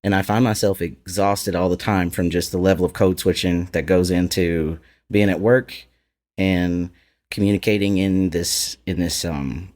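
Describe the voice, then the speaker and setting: A man's voice: sits low, fairly even intonation, moderate pace, darkish tone. A man with an Appalachian accent, a podcast guest talking candidly and reflectively, often laughing. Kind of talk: casual podcast conversation.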